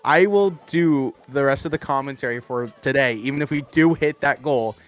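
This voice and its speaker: A young man commentating a live speedrun event in a chatty, relaxed way, laughing often. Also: mid-range voice, normal speed.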